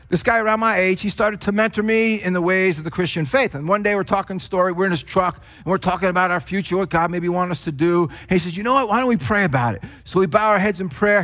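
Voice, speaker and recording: An older man from New Jersey delivers a sermon in a high, light voice. He leans hard on stressed words, then lets his phrases sink to quiet, drawn-out endings. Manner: emphatic, swings between hushed drops and raised stresses. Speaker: pastor.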